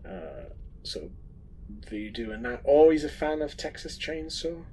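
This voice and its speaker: A man's voice: on the high side, sing-song, unhurried, dark tone, slight background noise, poor audio. Jokey man in podcast chat. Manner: jokey, rambling, playful asides. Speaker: podcast co-host. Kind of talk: casual chat.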